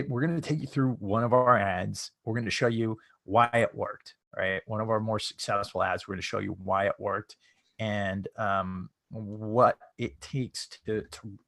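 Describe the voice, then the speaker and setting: A man's voice: on the low side, moderate pace, no room sound. A man presenting a casual live webinar, chatty, often tagging his sentences with "right?".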